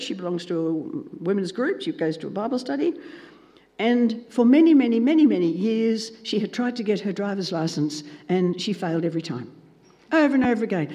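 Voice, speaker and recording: Brief: male Christian speaker, high voice, lively storyteller, long hall reverb. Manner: animated storyteller acting out dialogue. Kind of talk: storytelling talk.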